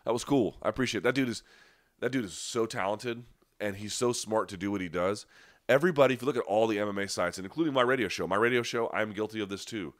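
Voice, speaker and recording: A man's voice: fairly low pitch, quick pace, no room sound, studio quality. A man hosting a live chat, answering viewer questions in a conversational, emphatic way with restarts and a stuffy nose. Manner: conversational, frequent restarts and fillers, emphatic asides. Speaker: livestream host.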